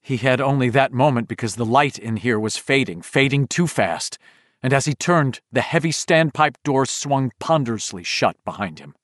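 A man narrating a horror audiobook in a tense, measured, suspenseful way on a close studio mic. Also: mid-range voice, expressive, fairly bright tone, no echo.

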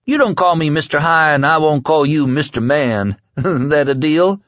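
A man's voice: fairly high pitch, animated, moderate pace, a bit bright, no echo, dull audio, pitched above the performer's own voice. A man voicing an easygoing young man who laughs off a joke, read from an audiobook. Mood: amused.

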